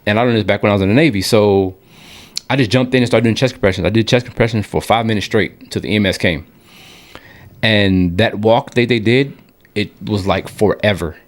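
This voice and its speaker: Young male podcast co-host, low voice, energetic storyteller who acts out quotes in bursts. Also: brisk. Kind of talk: casual chat, storytelling.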